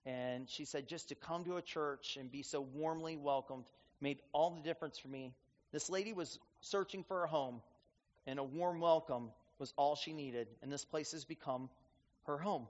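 A man's voice: on the high side, normal speed. A male pastor telling stories in a sermon, repeating phrases for emphasis. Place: church sanctuary. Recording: reverberant hall, dull sound.

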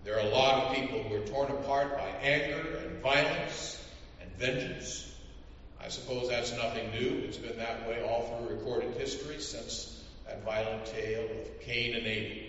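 Pastor preaching in an echoey church. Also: male voice, medium pitch, fairly even intonation, fairly bright tone, slight background noise. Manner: measured, rhetorical questioning. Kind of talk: sermon. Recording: echoey church hall from far off, dull.

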